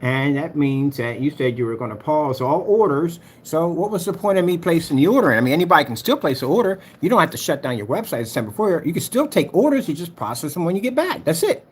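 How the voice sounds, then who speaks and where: A man's voice: on the high side, very animated, fast, hardly any pauses, slightly rough. A man hosting a livestream, ranting in a heated, mocking way and talking straight to his chat. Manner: heated, mocking, repetitive, talks to chat directly. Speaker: livestream host.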